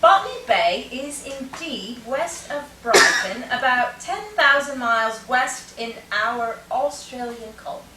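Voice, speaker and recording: A woman reading a wry, sharp-witted lady. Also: fairly high pitch, a little slow, few pauses, lightly acted. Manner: dry, wry remarks. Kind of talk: table-read drama. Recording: echoey room, mic far off, noise.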